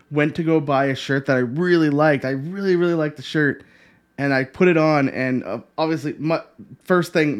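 A man co-hosting a podcast, chatting casually, joking and laughing a lot, with halting phrasing. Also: on the high side. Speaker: podcast co-host. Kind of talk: casual chat.

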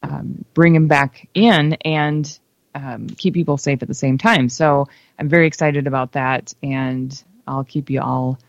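A woman's voice: extremely low pitch, fairly even intonation, a little slow, gravelly, no echo. A woman co-hosting a show, chatting in an upbeat way and letting her sentences trail off. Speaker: co-host. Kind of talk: casual chat. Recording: dry, slightly dull.

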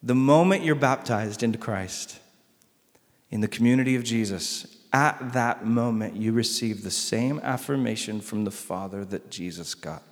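A male pastor preaching a sermon, swinging between loud emphatic lines and soft hushed ones. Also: fairly low pitch, moderate pace, big-room sound.

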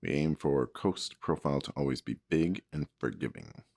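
Male podcast co-host, very low and gravelly, loose and chatty, trades dad jokes. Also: big pitch swings, normal speed, darkish tone, dry recording, studio quality. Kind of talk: casual chat.

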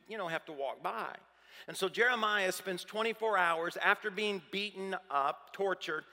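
A male pastor preaching a sermon in a large church hall, talking conversationally and putting rhetorical questions to his listeners. His voice is high for a man and bright. A long hall reverb follows every phrase.

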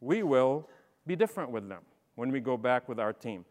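A middle-aged man giving a motivational leadership talk, telling stories and swinging from quiet asides to loud, emphatic bursts. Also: medium pitch, sing-song, normal speed. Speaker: speaker. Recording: long hall reverb.

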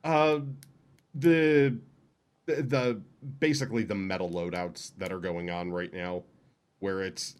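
A man's voice: low-pitched, slow pace, long pauses, clean tone. A man who runs tabletop games, chatting casually and griping about a game with laughs. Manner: animated, laughing complaints. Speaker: game master. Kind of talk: casual chat.

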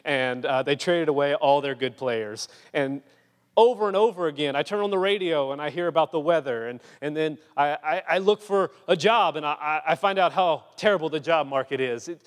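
A man's voice: fairly high pitch, fairly quick. A man preaching a sermon, dramatic and insistent, firing off rhetorical questions and acting out the scripture he quotes. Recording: long reverb in a large hall.

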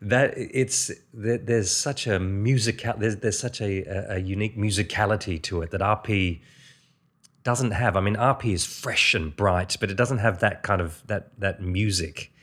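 A man interviewing a guest, speaking in a hesitant, halting way. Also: lowish voice, a bit bright. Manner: hesitant, with many fillers and restarts. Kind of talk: interview chat.

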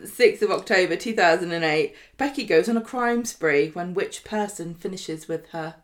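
A woman's voice: lowish voice, moderate pace. Dry, teasing British woman quizmaster. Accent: British English. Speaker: podcast co-host, quizmaster. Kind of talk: casual chat, reading quiz questions.

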